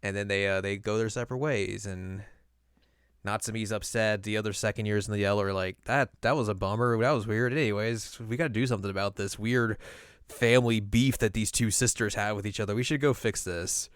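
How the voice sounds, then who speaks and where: A man's voice: on the low side, steady tone, clean tone, no room sound, studio quality. A man co-hosting an anime podcast, casually recapping an episode and playfully acting out the characters' lines. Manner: playful, acts out characters' lines in quick put-on voices.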